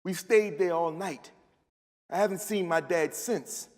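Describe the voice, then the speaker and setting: A man's voice: high-pitched, a little slow, darkish tone. A man, an author, giving a live, rhythmic first-person reading of his fiction in a large festival hall. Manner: rhythmic, storytelling delivery. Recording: long hall reverb.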